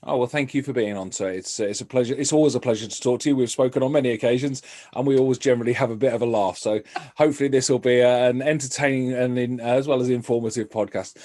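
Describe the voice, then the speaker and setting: A man hosting a podcast, relaxed and friendly, opening with a few hesitant fillers. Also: medium pitch, fast talker. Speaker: podcast host. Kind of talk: casual interview chat.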